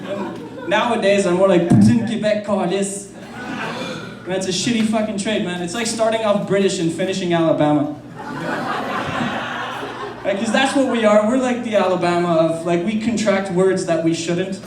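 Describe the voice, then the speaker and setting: High-voiced stand-up comic in a club. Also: male voice, fairly quick, far from the mic, background noise. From France. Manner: loose, profane, crowd work. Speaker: stand-up comedian. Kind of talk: stand-up comedy set. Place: comedy club. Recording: roomy club recording from afar with crowd. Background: audience laughter.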